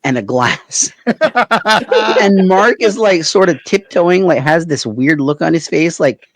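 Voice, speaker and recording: A man's voice: high voice, lively intonation, takes it slowly, no room sound. A man with a Canadian Maritimes accent, co-hosting a podcast and telling a long, rambling anecdote in casual chat, often laughing at his own story. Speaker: podcast co-host.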